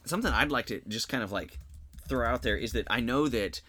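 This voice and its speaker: A social studies teacher, a man, talks in an easy conversational way, with a slight Southeast Missouri twang. His voice has a bright, forward tone at a middle pitch. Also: a little fast. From grew up all over as a military child. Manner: conversational, storytelling with asides. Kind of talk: casual conversation about teaching.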